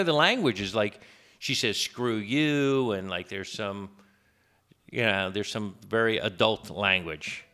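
A man with a bright, forceful voice chats casually as a comedian host. He rambles and keeps correcting himself mid-thought, with a slightly low pitch. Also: gravelly. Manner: rambling, self-correcting, animated.

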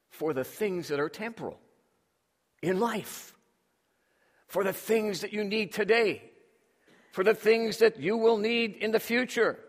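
A man's voice: high voice, a bit bright. A man preaching a sermon with emphasis, drawing responses from his congregation. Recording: long hall reverb.

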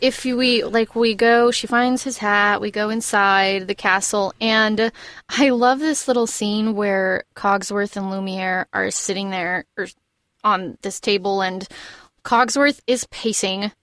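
A woman's voice: medium pitch, slow, no echo. Lady cohost rambling about a movie, lots of laughs, dry sound. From United States. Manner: animated, rambling, laughs often. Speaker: podcast co-host. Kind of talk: casual film discussion.

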